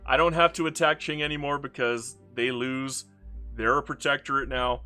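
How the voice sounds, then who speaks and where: A man giving casual, excitable commentary over his strategy game, swinging between loud exclaiming and low mumbling. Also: normal speed, faint music behind.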